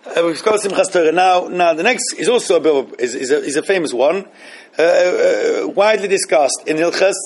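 Man, high voice, teaching a class, thinking aloud, repetitive, answers student questions. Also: expressive, fairly quick. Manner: thinking aloud, repeating phrases, mixing Hebrew terms.

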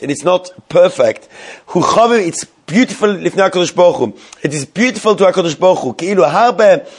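A man giving a Torah class, reading Hebrew lines slowly and then explaining them in English with frequent restarts. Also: on the high side. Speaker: Torah teacher.

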